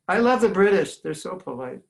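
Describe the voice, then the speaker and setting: An American man, a spiritual teacher, giving an informal talk to an online class, animated and acting out quotes as he goes. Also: mid-range voice, gravelly. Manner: animated, acts out quotes, chuckles often. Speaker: spiritual teacher answering questions.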